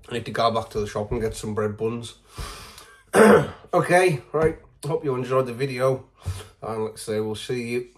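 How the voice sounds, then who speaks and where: A man chatting casually as he tries food on camera, in an everyday mid-range voice. He is relaxed and pokes fun at himself. He keeps stopping to clear his throat. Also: medium pitch. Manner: relaxed, chatty and self-mocking. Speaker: food vlogger. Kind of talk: casual taste-test commentary.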